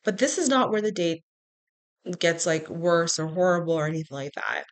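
A woman hosting a podcast, telling a personal story in a frank, animated way with sarcastic asides. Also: lowish voice, normal speed. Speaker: podcast host. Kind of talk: casual storytelling monologue.

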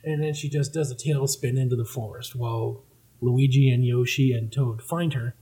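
Male host, husky voice, casual comic read-through with a laugh. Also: mid-range voice, fairly even intonation, normal speed, dark tone, low-quality recording. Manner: laughing, joking commentary.

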